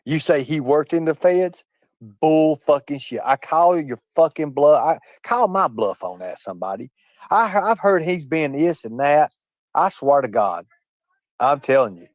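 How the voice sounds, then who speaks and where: A man's voice: a little high, lively intonation, a little slow, no echo. A man hosting a live stream, ranting combatively and swearing heavily, often repeating himself and addressing his chat directly. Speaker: livestream host. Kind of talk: profane live-stream rant.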